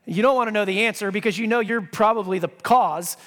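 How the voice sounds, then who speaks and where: A man's voice: sits high, a little fast, a bit bright. A male pastor preaching a sermon in a conversational way, reading scripture with emphasis and dropping joking asides. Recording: long reverb of a large hall.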